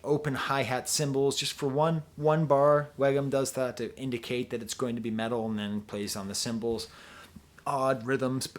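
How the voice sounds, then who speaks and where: A man casually reviewing a concert video song by song, rambling and often breaking off mid-sentence. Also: mid-range voice. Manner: rambling, digressive, self-interrupting. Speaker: music reviewer.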